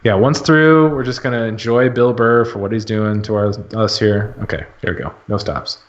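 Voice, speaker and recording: A man's voice: lowish voice, normal speed. A man co-hosting a casual fan podcast, rambling and thinking aloud as he reacts to a trailer. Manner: rambling, thinking aloud with fillers and jokey impressions. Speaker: podcast co-host. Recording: roomy, dull lo-fi audio.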